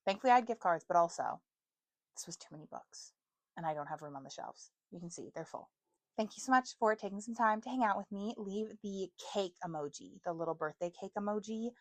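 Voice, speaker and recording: A woman's voice: mid-range voice, animated, fast talker, no echo. Chatty young woman with a dry voice. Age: 20s. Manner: chatty, self-mocking, stumbles over words. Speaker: book vlogger. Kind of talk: casual chat to camera.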